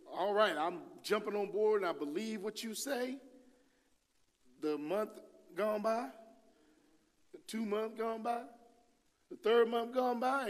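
A middle-aged man preaching a sermon in a church, talking lively and acting out the voices of the people he quotes. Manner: lively, acts out quoted voices with big swings in pitch and volume. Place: church sanctuary. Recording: long hall reverb.

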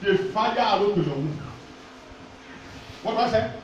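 A man, preaching a prophetic sermon and leading prayer, forceful and repetitive, often shouting his commands. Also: high-pitched, animated, unhurried, highs cut off. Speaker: pastor. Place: large church hall. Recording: echoey church hall, voice from far off, congregation noise.

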